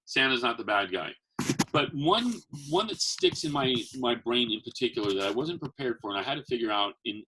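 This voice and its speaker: A man, a magician who works as Santa, telling stories in a casual chat and acting out the voices of the people in them. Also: slight background noise. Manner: animated, acts out quotes with big pitch jumps. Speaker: podcast guest, magician and Santa performer. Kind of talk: casual storytelling.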